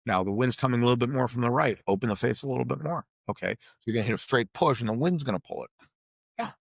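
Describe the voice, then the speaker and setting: Man, Boston accent, golf coach, animated explainer, video call, dry. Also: medium pitch, fast talker, vocal fry, no room sound. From Boston area, USA. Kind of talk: podcast conversation over video call.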